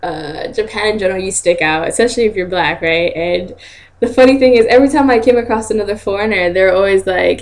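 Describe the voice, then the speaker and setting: A young woman telling stories in a casual vlog, chatty and quick to laugh, acting out other people's lines in a higher voice. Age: young adult. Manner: chatty, laughs often, acts out quotes in high voices. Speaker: vlogger.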